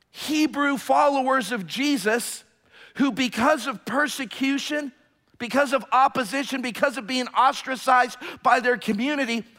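A man preaching a sermon, emphatic and repetitive, swinging from hushed tones to shouting. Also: extremely high pitch. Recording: long hall reverb.

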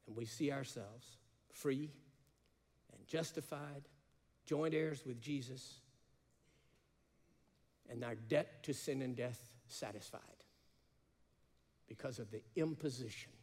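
A male preacher delivering an impassioned sermon, rising to emphatic cries, then dropping to slow, hushed phrases. His mid-pitched voice rings out with the long reverb of a large hall.

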